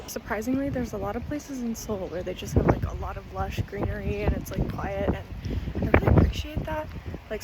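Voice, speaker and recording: Filming outdoors on city streets, this bubbly young vlogger pokes fun at herself while tired from the heat. She speaks on the high side, with background noise and loud music playing behind her.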